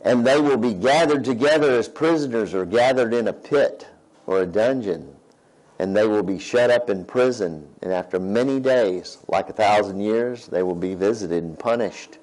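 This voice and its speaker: A man's voice: on the low side, normal speed, darkish tone, poor audio. A man preaching a sermon, reading scripture aloud and checking in with his listeners in a conversational way. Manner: conversational, reads scripture aloud and asks "right?". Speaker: pastor.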